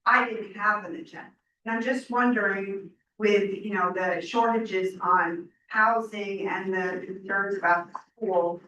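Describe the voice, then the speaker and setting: A woman's voice: mid-range voice, fairly bright tone. A woman in the audience at a town meeting pressing the candidates with a question, her voice a little worn. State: slightly lost voice. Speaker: resident asking a question. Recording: distant voice in a very echoey hall, faint room noise.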